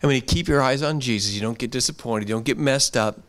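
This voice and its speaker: A man preaches in a church with a voice of ordinary middle pitch. His delivery is earnest and conversational, and he circles back over the same phrases again and again. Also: quick pace, a bit bright. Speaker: pastor. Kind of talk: sermon.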